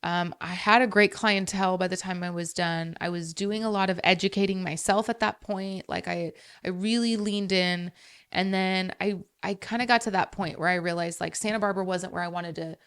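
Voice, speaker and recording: Smooth-voiced young woman telling her story. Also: lowish voice, fairly even intonation, moderate pace, fairly bright tone. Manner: chatty, uses many fillers like "like" and "um". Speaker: podcast guest. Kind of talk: casual storytelling. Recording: podcast studio.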